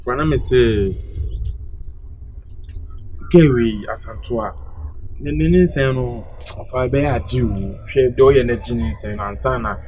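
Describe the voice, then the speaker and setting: A man's voice: mid-range voice, a little slow, long pauses, a little mellow, a little hiss or hum. Man, mumbling pidgin and Twi. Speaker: comedy sketch actor. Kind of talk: scripted comedy skit.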